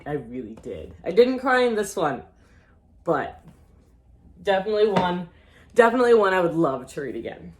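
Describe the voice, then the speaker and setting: Woman book vlogger, lowish voice, gushy and chatty, casual talk to viewers. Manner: gushing and chatty, often addresses viewers as guys. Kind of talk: casual book recommendation chat.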